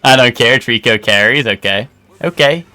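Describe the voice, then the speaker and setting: A man's voice: mid-range voice, normal speed, bright, forceful tone, clean tone, dry recording. A man streaming a game, chatting casually with lots of fillers and restarts. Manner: rambling, hesitant, lots of fillers. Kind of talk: casual chat while gaming.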